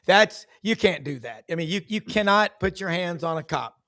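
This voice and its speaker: Man, high voice, dry close sound, folksy sports host, middle-aged. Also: lively intonation, sharp tone, no room sound. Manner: folksy, quick to agree, laughs often. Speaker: show host. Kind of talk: casual sports talk.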